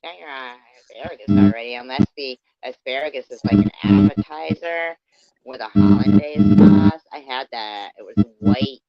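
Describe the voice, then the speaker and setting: A man's voice: medium pitch, expressive, normal speed. A man hosting a livestream, chatting casually and eagerly about food and cooking. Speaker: livestream host. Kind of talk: casual chat. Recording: muffled stream audio with faint music.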